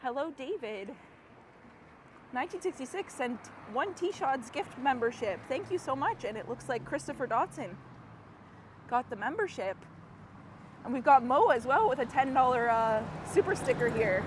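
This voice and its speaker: A woman's voice: high voice, animated, moderate pace. Chatty woman walking a city street. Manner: chatty, greets viewers by name, laughs often. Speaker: live-stream host. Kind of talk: casual live walking stream. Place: city street outdoors at night. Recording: outdoor street noise with traffic. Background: traffic and street noise.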